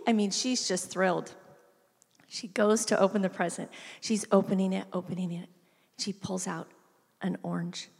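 A woman's voice: on the high side, normal speed, husky. A woman giving a sermon, telling a family story and acting out the voices in it. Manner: storytelling, acts out voices with animated shifts. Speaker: preacher. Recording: reverberant hall.

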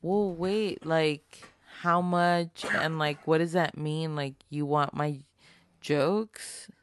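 A woman's voice: low-pitched, steady tone, slow, smooth, dry recording, studio quality. A young woman guest, hesitant and questioning, full of "like" and "okay", playing along in a comic chat. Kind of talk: casual improvised chat.

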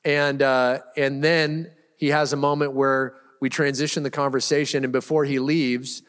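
Casual preacher in a reverberant hall. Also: male voice, medium pitch, flat delivery, normal speed, fairly bright tone. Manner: casual, storytelling, restarts often. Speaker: pastor. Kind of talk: sermon. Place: church sanctuary.

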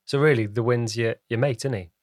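A man's voice: mid-range voice, fairly quick, no echo, clean studio sound. Joking man hosting a podcast. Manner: joking, teasing, playful banter. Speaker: podcast co-host. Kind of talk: casual chat.

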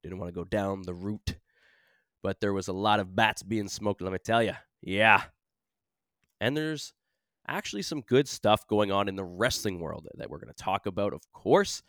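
A man's voice: fairly low pitch, normal speed, a bit bright, dry recording, clean studio sound. A man from Canada, co-hosting a podcast in rambling, joking casual chat. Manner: rambling, joking, laughs often. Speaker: podcast co-host.

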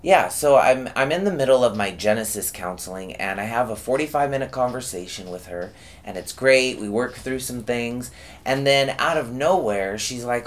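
Expressive man telling a story. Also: medium pitch, moderate pace. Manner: expressive storyteller, acts out his reactions. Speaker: rehab resident telling prank stories. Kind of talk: casual chat. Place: residential rehab house.

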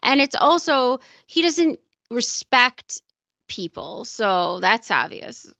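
A woman's voice: a little high, very animated, slow pace, gravelly, bright, forceful tone, no room sound. A woman co-hosting a casual podcast chat, speaking emphatically and voicing strong opinions. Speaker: podcast co-host.

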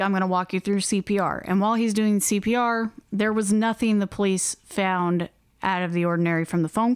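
Smooth-voiced woman telling a story. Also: medium pitch, dry recording, clean studio sound. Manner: animated storyteller, acts out quotes. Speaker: podcast co-host. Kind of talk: casual chat.

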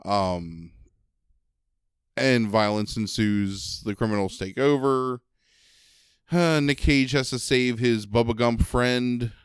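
A man's voice: medium pitch, slow, pauses often, clean tone, dry recording, studio quality. A man with a slightly nasal voice, rambling sarcastically through a movie review in casual chat. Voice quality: a little nasal. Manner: rambling, sarcastic, many ums and likes. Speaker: podcast co-host reviewing a movie.

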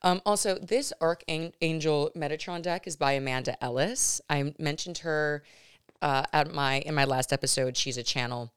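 A woman in her thirties hosting her own podcast, talking personally and emotionally in a halting way with many restarts and fillers. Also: low voice, smooth, no echo, studio quality. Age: 30s. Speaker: podcast host.

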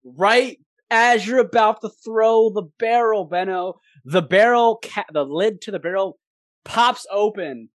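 Game master, tabletop narration, lively voice, dry close sound. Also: medium pitch, no room sound. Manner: lively, laughing narration with quick asides.

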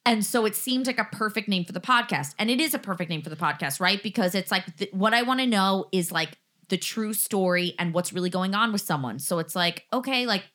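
Bright, animated woman podcast host. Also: medium pitch, a little fast. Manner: animated storyteller, heavy use of "like", acts out quotes. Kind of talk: casual chat.

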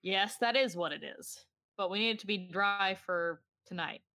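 A woman's voice: mid-range voice, moderate pace, sharp tone. A woman playing a tabletop game, explaining things casually with many fillers. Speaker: player.

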